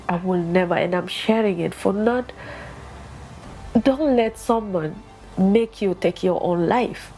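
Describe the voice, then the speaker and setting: A woman's voice: mid-range voice, slow, dark tone, faint music behind. A woman from Guinea, speaking earnestly and confessionally about her life in an interview. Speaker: documentary subject. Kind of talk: personal interview.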